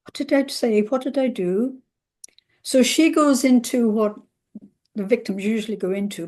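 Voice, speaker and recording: A woman therapist recounting a client's story in a relaxed conversational way, acting out the quoted voices with lively emphasis. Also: fairly high pitch, measured pace.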